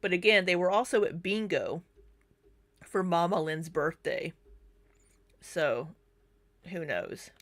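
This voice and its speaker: A woman's voice: on the low side, takes it slowly, long pauses, fairly bright tone, dry recording. A woman hosting a reaction commentary, chatting about clips and often breaking into laughter. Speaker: commentary channel host.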